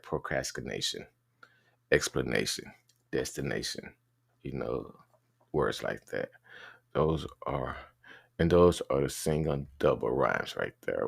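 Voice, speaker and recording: A man giving an informal spoken lesson, halting and restarting often, spelling words out letter by letter. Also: rumbling low, creaky, no echo, studio quality. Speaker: teacher explaining rap rhyme schemes.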